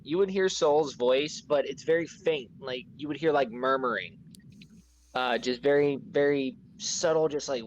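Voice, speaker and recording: A man's voice: mid-range voice, highs cut off, a little hiss or hum. A man narrating as game master in a tabletop game, talking casually and rambling with lots of fillers.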